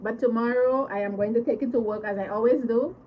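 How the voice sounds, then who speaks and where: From her home living room, a Caribbean woman hosts a casual livestream, giggling, apologizing, and thanking her viewers over and over. Her voice sits on the high side and she talks fast, though the recording is muffled with a little hiss or hum.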